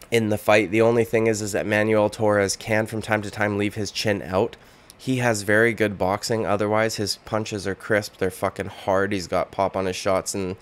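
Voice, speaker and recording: A man giving casual fight predictions in a loose, rambling way, swearing freely and leaning on fillers like "like" and "uh". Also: low-pitched. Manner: rambling, profane, filler-heavy.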